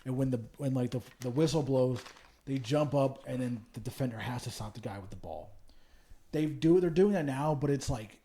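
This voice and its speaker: A man's voice: medium pitch, moderate pace, mellow. A young man co-hosting a podcast in casual chat, rambling, cursing and restarting his sentences. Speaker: podcast co-host.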